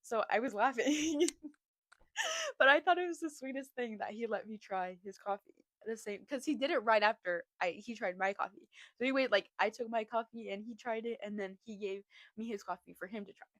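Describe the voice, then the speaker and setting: A young woman hosts a casual podcast and tells a story in a chatty, lively way. Her voice sits a bit high. The sound is close and dry, with no room around it. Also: fairly quick, no echo. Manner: chatty and animated, laughing often, heavy filler "like". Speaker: podcast host.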